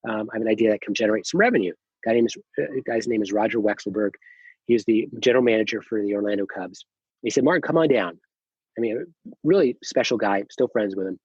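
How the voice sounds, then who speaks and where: A middle-aged man, a company founder, telling his story as a podcast guest, animated, acting out quoted dialogue, with many fillers and restarts. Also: on the low side, fast, husky, no echo, dull audio. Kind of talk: casual storytelling interview.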